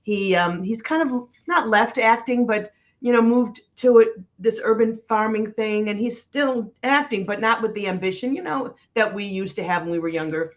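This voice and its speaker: A woman's voice: a little high, normal speed, hardly any pauses. A woman, an actress guest, chatting in an interview in a conversational, meandering way. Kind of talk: interview chat.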